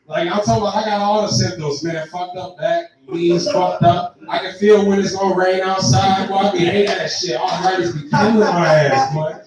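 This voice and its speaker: Young guy doing stand-up, highish voice, far off the mic with a crowd around. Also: steady tone, moderate pace, hardly any pauses, heavy reverb. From Texas. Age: 20s. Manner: profane, storytelling, laughing at own jokes. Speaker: stand-up comedian. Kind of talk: stand-up set. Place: live comedy venue with audience. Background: audience reactions.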